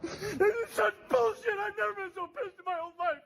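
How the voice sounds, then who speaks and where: Crying, furious man shouting. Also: very high voice, brisk, creaky, over a noisy crowd. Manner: furious, shouting through tears. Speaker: bystander in a clip. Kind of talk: ranting phone video. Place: in a car.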